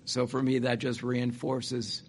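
A man giving a sermon in an earnest, halting way, asking rhetorical questions and restarting phrases. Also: medium pitch, completely flat delivery, a little hiss or hum. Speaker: church speaker.

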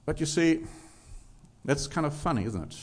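A man's voice: a little high, lively intonation, moderate pace, darkish tone. A man preaching a sermon, emphatic, reading scripture aloud and stressing key words.

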